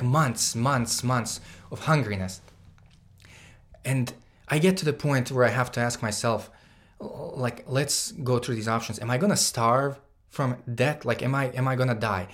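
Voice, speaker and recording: A young man telling a personal story, casual and heartfelt, with many "like"s. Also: medium pitch. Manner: casual, says "like" often, grows louder and more emotional. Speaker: guest storyteller.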